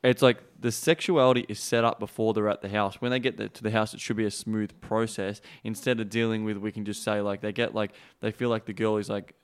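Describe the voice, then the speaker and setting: Low-voiced podcast host, loose and chatty. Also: male voice, little pitch movement, brisk, hardly any pauses, smooth. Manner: loose, uses lots of "like", swears. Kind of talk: casual podcast chat.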